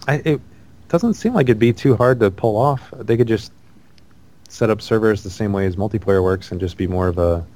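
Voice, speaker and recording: A man's voice: lowish voice, moderate pace, a little mellow. A man in casual conversation about video games, rambling with many ums and restarts.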